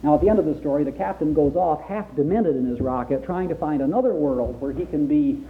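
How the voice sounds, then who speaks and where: A man's voice: a little high, a little fast, slight background noise. A man reading a story aloud to his listeners and stopping now and then to add his own comments. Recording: tinny phone-like sound.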